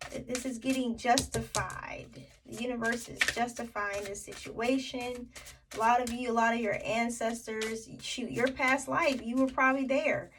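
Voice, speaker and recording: A woman's voice: on the high side, fairly even intonation, normal speed, recorded from a distance, noisy background. A woman giving a tarot reading to her viewers, thinking aloud with many fillers and restarts. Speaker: tarot reader.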